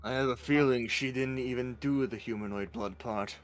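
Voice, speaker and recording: A man's voice: medium pitch, normal speed, soft background music. A man playing a tabletop game, teasing and defensive in character. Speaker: player. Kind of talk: casual tabletop role-play.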